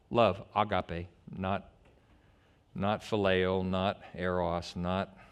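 A middle-aged male pastor preaching a sermon in an animated, digressive way, swinging from loud outbursts to hushed stretches. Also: fairly low pitch.

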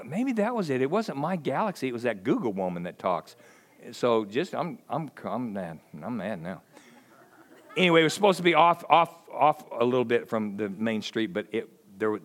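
Male preacher, middle-aged, high and very lively delivery, folksy storytelling sermon. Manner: animated storytelling, acts out quoted voices, chuckles often. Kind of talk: conversational sermon.

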